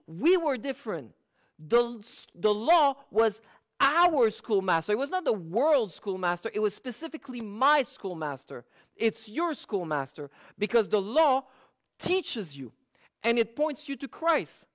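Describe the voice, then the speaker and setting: A Bible teacher giving a verse-by-verse sermon, reading scripture slowly with stressed words and explaining through rhetorical questions. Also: medium pitch, sing-song.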